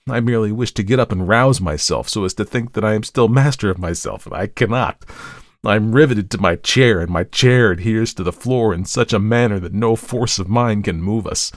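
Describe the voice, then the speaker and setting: A man giving a dramatic first-person story reading, intense, swinging between hushed dread and anguished outbursts. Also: on the low side, fairly quick, no echo, clean studio sound. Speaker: story reader.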